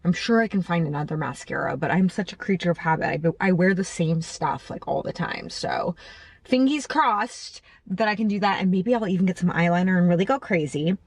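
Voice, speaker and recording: A woman in her thirties vlogs from a parked car, rambling to her phone camera with fillers and poking fun at herself in a chatty way. Her voice sits on the low side, gravelly and slightly rough, and she talks a little fast. There's no echo.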